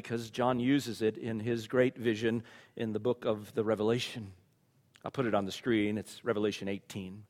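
Male pastor, sermon delivery, quiet to fervent, church with long reverb. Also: medium pitch. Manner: preaching, from quiet and reflective to loud and fervent.

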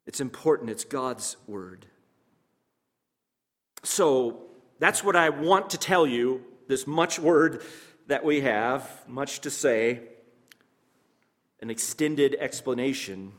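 A pastor preaching a sermon to his congregation, measured and emphatic, with pauses and asides to the listeners. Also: medium pitch, animated, big-room sound.

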